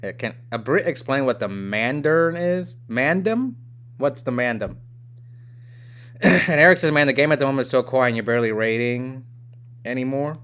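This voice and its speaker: A man's voice: medium pitch, lively intonation, normal speed, fairly bright tone, clear, resonant tone. A young man from the United States hosting a live game stream, chatting casually and reading viewer comments aloud in a rambling way. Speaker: livestream host.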